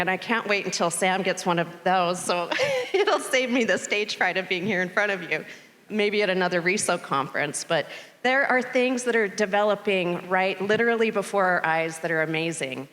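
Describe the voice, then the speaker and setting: Woman telling a story on a conference stage. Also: mid-range voice. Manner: storytelling, animated when quoting the robot. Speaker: board chair giving conference welcome. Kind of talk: conference speech. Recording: long reverb of large hall.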